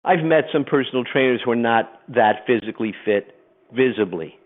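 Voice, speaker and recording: A middle-aged man giving a webinar presentation, telling stories in an animated way and acting out voices. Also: mid-range voice, normal speed. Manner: animated storyteller, acts out voices. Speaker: program presenter. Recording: phone-like webinar audio.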